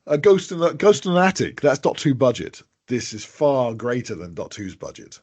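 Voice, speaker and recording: A man's voice: mid-range voice, lively intonation, fairly quick, darkish tone, husky. A man co-hosting a podcast, joking and rambling in casual chat, stumbling over his words. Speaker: podcast co-host.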